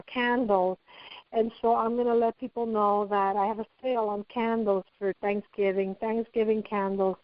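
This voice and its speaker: A woman marketing trainer walking through a software tutorial step by step, chatty and narrating each click aloud. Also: medium pitch, no room sound, lo-fi sound. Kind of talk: screen-share software tutorial.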